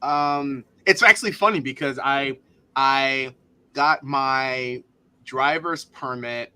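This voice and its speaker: A man chatting as a guest on an online talk show, animated and apologetic, his voice jumping high when excited. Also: slow, smooth. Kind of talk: casual podcast chat.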